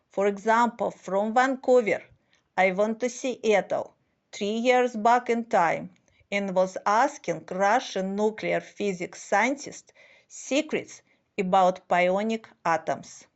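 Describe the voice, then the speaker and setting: Slow deliberate woman, dull lo-fi sound. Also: mid-range voice. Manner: slow, deliberate, halting phrasing with non-native grammar. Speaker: spiritual speaker. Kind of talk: slow scripted monologue.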